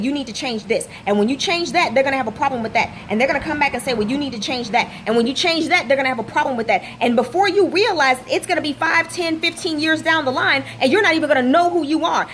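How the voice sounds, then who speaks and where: A woman's voice: sits high, fairly bright tone, slight background noise. A woman fitness coach giving a motivational vlog rant, hammering home rhetorical questions. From Texas. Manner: emphatic, repeats rhetorical questions.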